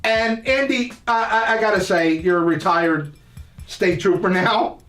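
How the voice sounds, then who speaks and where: A man's voice: sits high, measured pace, fairly bright tone. An older man telling childhood stories in a rambling, profane, laughing way as a podcast host. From New Jersey. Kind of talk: casual storytelling. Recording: roomy echo, mic at a distance, faint music.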